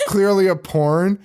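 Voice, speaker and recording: His voice high and smooth, a man in his thirties hosts a podcast, talking casually about a film with lots of laughter and acted-out quotes.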